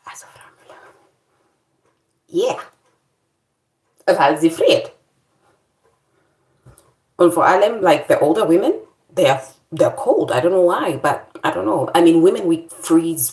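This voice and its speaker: A woman chats casually to camera, her low voice swinging widely up and down as she plays up her complaints for laughs. The sound bounces around a roomy, echoey space. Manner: animated, playfully dramatic complaining. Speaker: vlogger. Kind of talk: casual chat.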